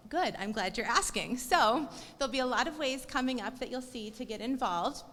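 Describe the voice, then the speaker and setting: A woman in her thirties talks as a parent coordinator, bubbly and chatty, her voice a little higher than most. A long hall reverb trails behind her words. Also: animated, a little fast, few pauses, fairly bright tone. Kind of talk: welcome speech to new parents.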